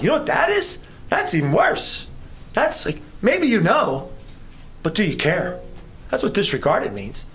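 Animated, gravelly-voiced male preacher. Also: slight background noise. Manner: animated preaching, rising high when voicing questions. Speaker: pastor. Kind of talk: sermon.

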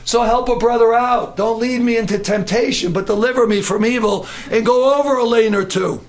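A middle-aged man preaching a sermon in an animated way, acting out voices and breaking into shouts. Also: very high-pitched, brisk.

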